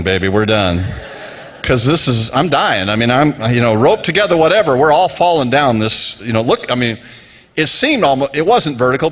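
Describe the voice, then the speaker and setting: A middle-aged male pastor from the United States delivers a sermon through a rambling personal story. He talks in a loose, conversational way and briefly acts out the voices of the people he quotes. His voice sits at an ordinary middle pitch for a man. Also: fairly bright tone.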